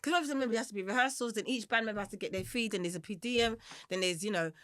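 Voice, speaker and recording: A woman's voice: mid-range voice, very fast, a bit bright, no echo, studio quality. A singer-songwriter woman from South London with a London accent, talking candidly and directly in a podcast interview, laughing often and acting out the voices of people she quotes.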